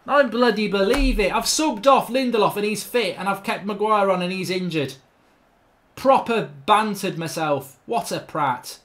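A man with a rather high voice narrates his gameplay as a channel host. He rants in exasperation and swears freely. He grumbles under his breath one moment and yells in disbelief the next. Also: unhurried. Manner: exasperated ranting, frequent swearing, swings from mutters to shouts. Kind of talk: live gameplay commentary.

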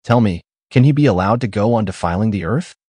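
A bitter, contemptuous young son. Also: male voice, fairly low pitch, lively intonation, quick pace, darkish tone, slightly rough, no room sound. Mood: raging. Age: young adult. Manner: controlled, bitter, growling. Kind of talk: audiobook character reading.

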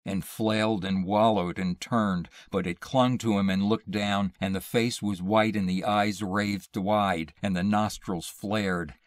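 A man slowly reading a horror short story aloud in a measured, hushed way. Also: lowish voice, steady tone, dry recording. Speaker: narrator. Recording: dry close mic, audio only.

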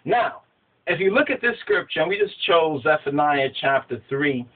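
A religious teacher delivers a spiritual lesson with a fairly high, animated voice at normal speed, the sound narrow like a phone. He's emphatic and repetitive, posing rhetorical questions to his listeners.

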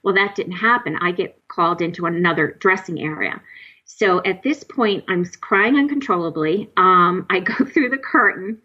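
A woman guest recounting a personal experience in a halting, emotional way, with many fillers and restarts. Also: lowish voice, bright, forceful tone, husky, lo-fi sound. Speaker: guest telling her experience.

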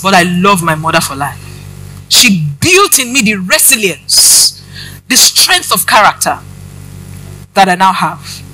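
A woman's voice: medium pitch, big pitch swings, unhurried, pauses often, sharp tone, husky, poor audio. A woman preaching, giving a personal testimony and addressing the congregation directly with questions.

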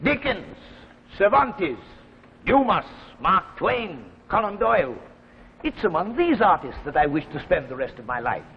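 An actor playing a genial, chuckling retired old professor with failing eyesight, in a live 1950s TV drama. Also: male voice, high-pitched, very animated, unhurried, slight background noise, exaggerated voice. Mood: genial musing. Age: older. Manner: chuckling, theatrical, musing. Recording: dull 1950s TV audio in a reverberant set.

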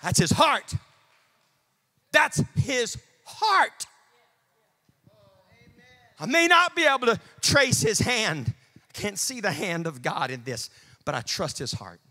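A pastor preaching in church, his voice high and bright. He swings from hushed murmurs up to ringing shouts, pitch leaping all over. The delivery is animated and full of drive. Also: normal speed. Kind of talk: sermon.

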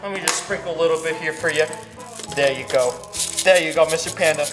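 A man hosting a playful toy unboxing vlog, teasing and pleading with a toy in an animated way. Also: a little high, quick pace. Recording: echoey room with background music.

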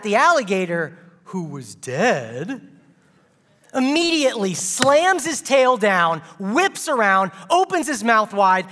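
A man's voice: extremely high pitch, bright, forceful tone, big-room sound. A man preaching a sermon as a guest speaker, telling a funny story with playful asides and comic timing.

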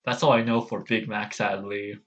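A man's voice: on the low side, flat delivery, moderate pace, a bit bright, highs cut off. A man hosting a casual vlog, hesitant and self-deprecating as he tries out character voices. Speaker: channel host.

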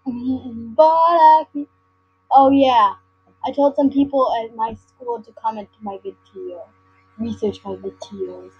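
A woman's voice: a little high, takes it slowly. A girl talking her way through an online game in a silly, rambling way, with sudden sing-song outbursts. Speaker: gamer recording her screen. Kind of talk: casual gameplay commentary. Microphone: computer mic. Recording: lo-fi screen recording with faint game music.

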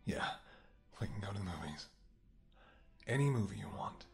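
In a whispered role-play, a man plays a protective male bodyguard, soft and tender, gently scolding the one he loves. His voice sits a little low. Faint music plays underneath. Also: lively intonation, moderate pace. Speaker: voice actor.

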